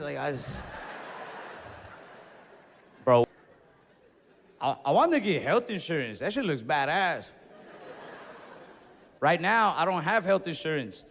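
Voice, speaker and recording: A young man doing a stand-up comedy set, telling stories in a laid-back, deadpan way with quick asides. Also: fairly high pitch. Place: comedy club stage. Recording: reverberant club hall with faint crowd noise.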